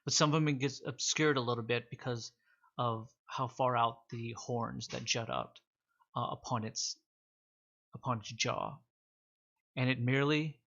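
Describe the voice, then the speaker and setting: Game master: male, descriptive tabletop narration, mid pitch, dull lo-fi sound. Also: creaky, fairly bright tone. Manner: descriptive narration with filler words.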